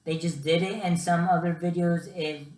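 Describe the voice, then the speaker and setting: A chatty young vlogger tells a casual story in an echoey room, repeatedly calling his viewers "guys." His voice is on the high side and darkish in tone, with fairly even intonation at a normal speed.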